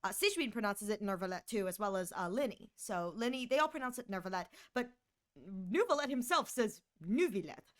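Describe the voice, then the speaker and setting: A woman with a Northern US accent chatting casually on a live stream, bubbly and excitable, often laughing. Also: medium pitch, a little fast.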